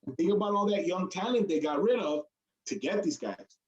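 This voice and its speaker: A man's voice: sits high, expressive, brisk, dull audio. A man co-hosting a casual sports chat, rambling and hesitant, often fumbling for names. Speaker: co-host. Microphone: streamed call mic.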